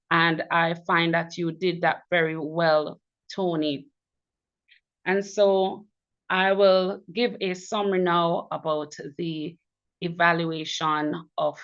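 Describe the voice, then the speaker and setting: A woman speaking slowly in a lowish voice, giving encouraging feedback as a speaking club's general evaluator. She praises each evaluator in turn. The sound is dull and lo-fi. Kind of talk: giving spoken feedback at a club meeting. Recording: dull lo-fi recording.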